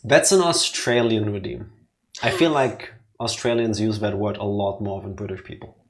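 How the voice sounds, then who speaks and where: A man's voice: fairly low pitch, normal speed. A man co-hosting a let's play, chatting casually and jokingly, with many questions for the others. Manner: chatty, jokey, asks lots of questions. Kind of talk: casual chat.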